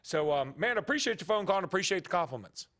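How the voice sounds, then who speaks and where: Opinionated male co-host, raised pitch, quick to react. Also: expressive, fairly bright tone. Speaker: sports talk radio co-host. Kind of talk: casual radio chat.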